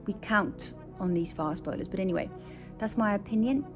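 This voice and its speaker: A woman's voice: medium pitch, normal speed, music in the background. Chatty woman giving candid cricket opinions. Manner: candid, chatty, addresses viewers directly. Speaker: cricket vlogger. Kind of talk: casual opinionated commentary.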